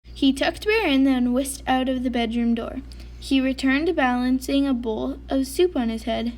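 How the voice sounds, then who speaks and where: A woman reading a children's picture book aloud in a gentle storytelling manner. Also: high-pitched, moderate pace. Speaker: storybook reader.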